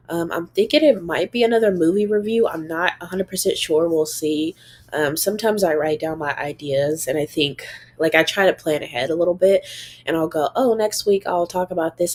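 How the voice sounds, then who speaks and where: A woman's voice: fairly low pitch, darkish tone. A young woman hosting a solo podcast, chatting casually with a stuffed-up, nasal voice that sounds a little strained, rambling with lots of fillers. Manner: rambling, many "um" and "like". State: slightly strained voice. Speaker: podcast host.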